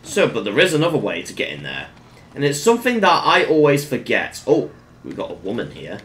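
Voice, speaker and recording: A man giving casual let's-play commentary on a game, breaking into excited exclamations. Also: medium pitch, brisk. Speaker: gameplay commentator.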